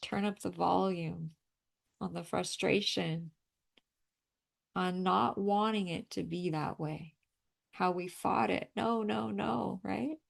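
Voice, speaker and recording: Gravelly low-voiced woman guiding healing. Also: fairly even intonation, slow pace, long pauses. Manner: emphatic, coaching, swears freely. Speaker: energy healing facilitator. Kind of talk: guided energy clearing session.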